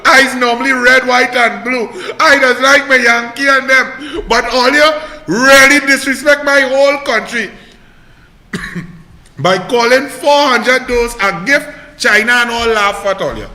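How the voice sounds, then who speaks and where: Trinidadian man, political rant, mocking, shouting then muttering, roomy echo, long reverb. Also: unhurried. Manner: loud, mocking, swings between shouting and low muttering. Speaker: online commentator.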